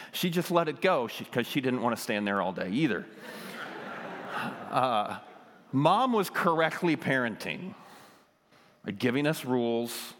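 A man's voice: medium pitch, a bit bright, in a large hall. A man giving a conversational sermon, telling a childhood story with lots of ums and self-deprecating humor.

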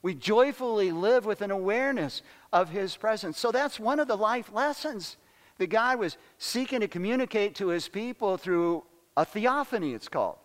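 A man's voice: high-pitched, expressive, normal speed, in a large hall. An older man preaching a sermon in an earnest way, repeating words and phrases for emphasis. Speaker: pastor.

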